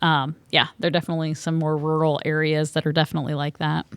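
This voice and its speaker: Lower-voiced woman explaining in dry sound. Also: little pitch movement, fast, clear, resonant tone, dry recording. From Kansas City. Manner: explanatory, enthusiastic about anime, laughs easily. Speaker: podcast co-host. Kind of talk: casual chat.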